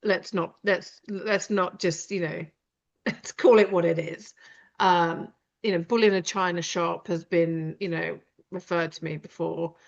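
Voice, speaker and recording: A woman's voice: lowish voice, steady tone, unhurried, gravelly. A British woman hosting a live conversation, talking directly and rambling with many fillers. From Britain. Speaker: host. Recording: dull lo-fi sound.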